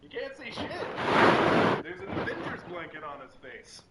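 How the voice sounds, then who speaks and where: A man's voice: a little high, big pitch swings, moderate pace, heavy background noise. A man streaming a game with a friend, keeping up casual joking banter. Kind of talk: casual gameplay chat.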